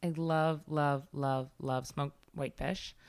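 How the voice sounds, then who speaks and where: Low, gravelly teasing woman. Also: steady tone, no echo. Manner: teasing, bantering, quick to tease her co-host. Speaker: podcast co-host and interviewer. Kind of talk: casual chat.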